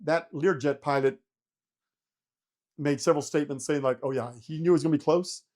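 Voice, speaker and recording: A man's voice: a little high, steady tone, fairly quick, darkish tone. A middle-aged man, a retired helicopter pilot, telling a story in a casual interview and acting out his own panicked reactions, swearing freely.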